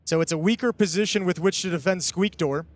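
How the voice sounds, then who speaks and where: A man's voice: sits high, fairly quick. A man giving live esports color commentary, analytical and conversational, often restarting his sentences.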